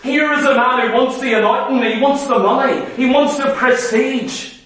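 A man's voice: extremely high pitch, fairly even intonation, normal speed, fairly bright tone, far from the mic. A man preaching a sermon, earnestly putting questions to the congregation. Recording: echoey hall, voice away from the mic.

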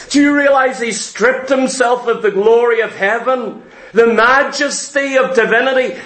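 Fervent male preacher, very high voice, echoey hall sound, rhetorical questions. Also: fairly bright tone. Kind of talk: sermon.

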